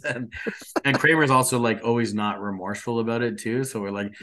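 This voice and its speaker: A somewhat low-voiced man co-hosting a casual podcast. He gives his opinions bluntly and swears freely. He retells scenes with lively energy. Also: a little fast, a little hiss or hum. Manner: blunt, profane, emphatic opinions. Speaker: podcast co-host. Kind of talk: casual chat.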